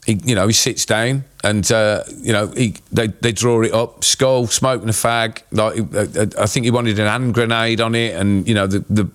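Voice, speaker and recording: A man's voice: on the low side, steady tone, normal speed, few pauses. A man, a tattoo artist telling anecdotes in a casual podcast chat, rambling with many fillers.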